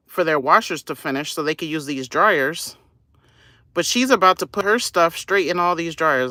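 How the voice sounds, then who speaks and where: Woman, casual live-stream, nosy gossipy commentary, bright voice, dry close sound. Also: sits low, no room sound. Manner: gossipy, nosy running commentary, often hushed. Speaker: vlogger. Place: laundromat.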